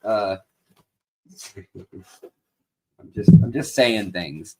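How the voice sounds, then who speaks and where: A man's voice: lowish voice, drawn-out words, a little mellow, a little hiss or hum. A man hosting a casual aquarium livestream from an indoor studio, rambling and joking with lots of fillers. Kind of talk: casual live-stream chat.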